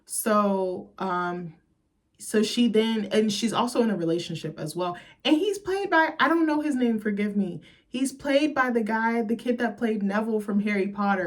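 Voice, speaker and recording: A woman's voice: medium pitch, normal speed. A woman host talking casually and profanely about a movie, chatty and sassy.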